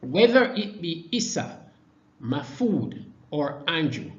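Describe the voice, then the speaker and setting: Slow, emphatic man in an echoey room. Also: fairly high pitch, sing-song, a bit bright. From Jamaica. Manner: measured, emphatic, deliberate pauses for stress. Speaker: party vice president speaking to supporters. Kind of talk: political presentation. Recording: echoey, dull lo-fi sound.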